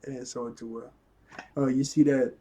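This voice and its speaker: A man's voice: medium pitch, flat delivery, moderate pace, mellow, husky. A young man casually recapping a cartoon episode, laughing often and talking in loose slang with lots of fillers.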